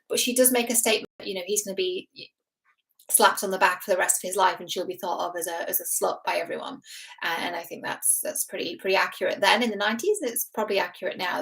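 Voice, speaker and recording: A woman in her thirties talks straight to camera as a relationship expert, walking through a show's couple with earnest, analytical care. Her voice sits in an ordinary middle pitch, and she often pauses on fillers and restarts her sentences as she thinks aloud. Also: gravelly. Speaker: relationship expert and show host. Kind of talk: casual reaction commentary to camera.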